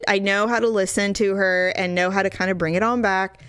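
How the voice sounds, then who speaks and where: A woman co-hosting a podcast, telling a story in an animated, frank way with casual swearing. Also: medium pitch, a little fast, clear, resonant tone, no echo, studio quality. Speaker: podcast co-host. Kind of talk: casual chat.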